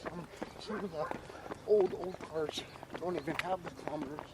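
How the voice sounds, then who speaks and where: A man's voice: fairly high pitch, moderate pace, low-quality recording. Matter-of-fact man on an outdoor run. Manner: matter-of-fact, corrects the facts. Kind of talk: casual chat on a run. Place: outdoors by a road. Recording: outdoor recording with loud traffic noise. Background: traffic and street ambience.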